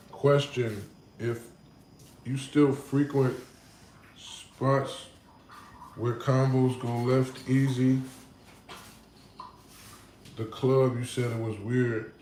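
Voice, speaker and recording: A man hosting a casual livestream, reading out comments and telling a story in animated, slangy talk with laughs. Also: mid-range voice, reverberant, slight background noise, rough recording. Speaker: livestream host. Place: home room.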